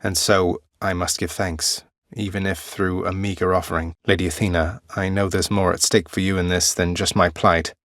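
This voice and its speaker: A wry young prince. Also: male voice, low-pitched, flat delivery, normal speed, few pauses, fairly bright tone, no room sound. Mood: earnest. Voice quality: dry, wry and teasing. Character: young male prince of the underworld, wry and polite. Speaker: game character. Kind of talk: video game voice lines.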